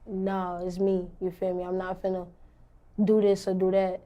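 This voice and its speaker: A woman's voice: medium pitch, completely flat delivery, brisk, highs cut off. A young woman rapper answering interview questions in a blunt, confident, slangy way.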